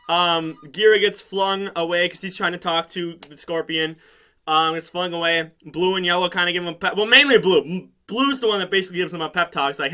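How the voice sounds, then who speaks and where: A man casually recapping a TV episode in an excitable, rambling way, laughing often and using lots of fillers. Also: high-pitched, normal speed. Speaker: show reviewer.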